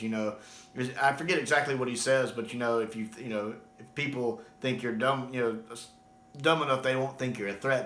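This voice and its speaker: A man's voice: medium pitch, bright, forceful tone. A man reviewing a novel in a casual, enthusiastic way, laughing often and filling with "you know". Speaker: book reviewer. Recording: roomy echo.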